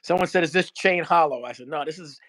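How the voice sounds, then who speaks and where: A man's voice: fairly high pitch, fast talker, a bit bright. A man hosting a casual chat, chiming in with eager agreement. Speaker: host.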